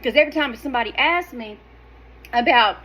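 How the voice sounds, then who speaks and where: A middle-aged woman, talking straight to her viewers in a sassy, animated, emphatic way. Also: on the high side, brisk, a little hiss or hum, rough recording. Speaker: wellness vlogger. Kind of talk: casual direct-to-camera talk.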